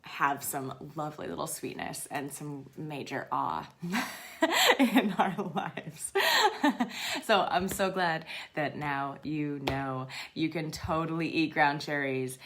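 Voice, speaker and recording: A woman hosting a live Q&A, chatting enthusiastically, laughing often and sometimes dropping to a soft whisper. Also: sits low, lively intonation, slow. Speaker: seed company host. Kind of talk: live Q&A chat.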